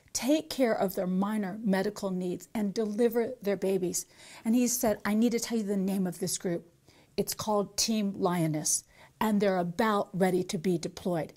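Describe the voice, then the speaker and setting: A middle-aged woman teaches in a storytelling sermon style. She is animated and switches into the voices of the people in her account as she goes. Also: mid-range voice. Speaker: Christian author and teacher.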